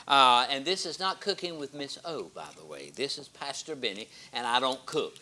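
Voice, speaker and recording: A man's voice: a little high, very animated, moderate pace, hardly any pauses. A man, a pastor hosting a TV program, chatting and joking exuberantly while tasting food in a studio kitchen. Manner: exuberant, joking, loud exclamations. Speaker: pastor and show host. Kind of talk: TV cooking segment chat.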